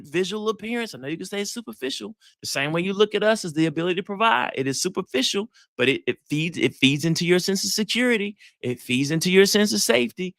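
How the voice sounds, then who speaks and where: Middle-aged guy, gravelly voice pitched a bit high, dry close sound, tells stories and quizzes the crowd. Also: quick pace, hardly any pauses, dry recording. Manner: animated storytelling, acts out dialogue, asks the crowd questions. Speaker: psychologist giving relationship advice. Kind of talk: live talk to an audience.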